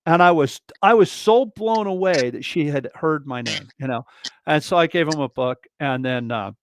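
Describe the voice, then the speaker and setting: A man hosting a casual drummers' chat, telling stories in an animated way with many restarts. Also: a little high, moderate pace. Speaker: host, drummer.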